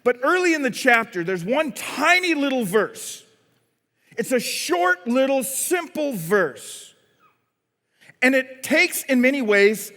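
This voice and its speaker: High-voiced storytelling male pastor. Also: pushed and bright. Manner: dramatic storytelling, acting out scenes. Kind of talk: sermon. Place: church sanctuary. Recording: long reverb in a church hall.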